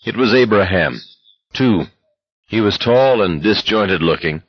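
Low, husky male audiobook narrator. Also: no room sound, lo-fi sound. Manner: steady, measured reading. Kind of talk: scripted narration.

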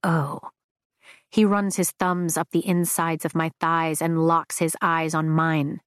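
A woman reading first-person romance narration in an intimate, expressive way. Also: sits low, unhurried, clear, resonant tone, no echo, studio quality. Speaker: audiobook narrator.

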